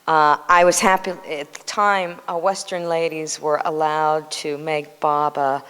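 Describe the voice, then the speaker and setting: A woman in her sixties telling a personal story at a reunion, with lively acted voices. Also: sits low, a little slow, smooth, in a large hall. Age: 60s. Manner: animated storyteller who acts out voices. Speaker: devotee sharing memories.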